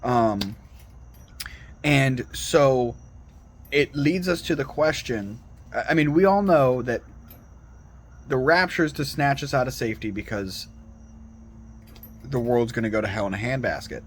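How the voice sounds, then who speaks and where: Earnest rambling man, mid-pitched. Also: measured pace, long pauses. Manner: earnest, digressive, frequent restarts. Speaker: Christian video commentator. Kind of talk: rambling solo monologue.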